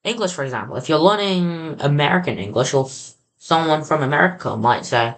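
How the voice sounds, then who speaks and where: A streamer with an Australian accent gives casual reaction commentary, halting and often restarting mid-sentence. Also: mid-range voice, expressive, a bit bright, rough recording. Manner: halting, with many restarts and self-corrections. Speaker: livestreamer learning Russian.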